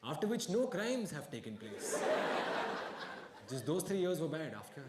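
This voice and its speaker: A man's voice: on the high side, sing-song, moderate pace, echoey room, heavy background noise. A male stand-up comedian telling a story in a dry, self-mocking way at a live comedy venue, with audience laughter.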